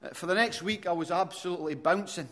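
A man's voice: high voice, fast talker, fairly bright tone. A man in his forties with an Aberdonian Scottish accent, preaching a sermon as pastor with earnest, repeated restarts. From Aberdeen, Scotland. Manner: earnest preacher, frequent restarts, rises in volume when telling stories.

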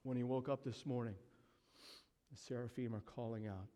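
A man preaching a sermon with emphatic delivery, dropping to hushed tones and building to loud peaks. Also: mid-range voice, steady tone, moderate pace, long reverb tail.

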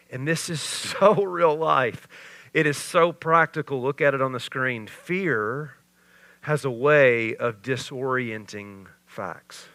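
Male pastor delivering a sermon, slightly high voice, slow pace, sarcastic flair. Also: dry recording. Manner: sarcastic asides, rising to loud animated bursts.

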